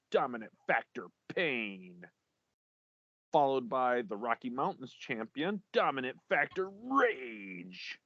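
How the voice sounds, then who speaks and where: A man's voice: medium pitch, fairly bright tone, no echo, muffled recording. A man co-hosting a casual podcast, reading out league champions while stumbling over names and laughing at himself.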